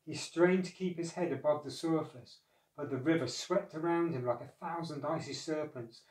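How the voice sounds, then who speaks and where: A man narrating a storybook, measured and expressive. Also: fairly high pitch. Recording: echoey room, far from mic.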